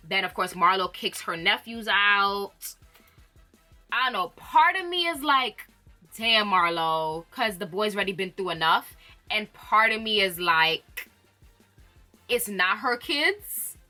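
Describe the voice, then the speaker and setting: A young woman casually recapping reality TV, opinionated and animated, often laughing. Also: mid-range voice. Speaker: reality TV commentator.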